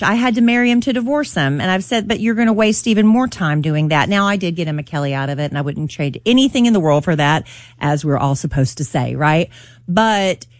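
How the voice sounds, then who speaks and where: A woman's voice: mid-range voice, dry recording. A woman in her forties, a radio show's love expert, giving blunt and sarcastic relationship advice in casual chat.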